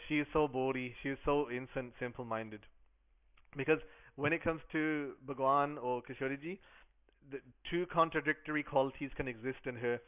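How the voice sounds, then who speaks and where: A man explaining devotional verses and telling their story with eager repetition, stopping to recite the verses slowly in a chanting way. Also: mid-range voice, clear, resonant tone. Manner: eager, retelling the story with repeated words and slow recited verse. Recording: narrow phone-like sound.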